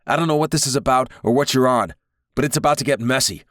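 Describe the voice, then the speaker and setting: A man's voice: no room sound, clean studio sound, lightly acted. A man doing a frantic, foul-mouthed guy on the run. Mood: panicked. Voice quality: high, loud and frantic. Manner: rapid, shouting, swearing.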